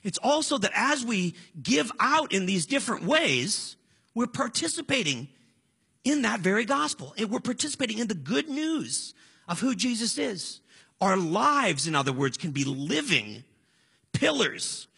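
A man in his forties delivers a sermon in an easy, conversational manner, earnest when he presses a point. His voice sits high and moves a lot. It is gravelly and husky, with a bright, forceful edge. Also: very animated, unhurried. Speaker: pastor.

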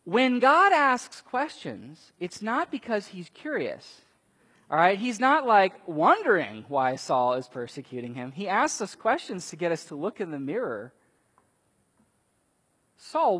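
A man preaching a sermon, telling stories and acting out quotes with sudden loud bursts. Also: high-pitched, measured pace, slightly rough. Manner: animated storytelling, acts out quotes with big swings in loudness. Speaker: pastor. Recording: long reverb of a large hall.

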